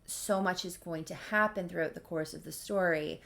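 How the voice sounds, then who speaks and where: A woman's voice: on the low side, moderate pace, vocal fry, a bit bright. A woman author recapping a story episode in a casual, chatty way, playfully addressing listeners.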